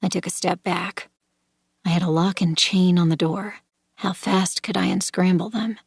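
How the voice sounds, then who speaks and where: A woman narrating a first-person thriller audiobook, measured and tense, turning confrontational in the dialogue. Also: lowish voice, little pitch movement, vocal fry, husky, no room sound, clean studio sound.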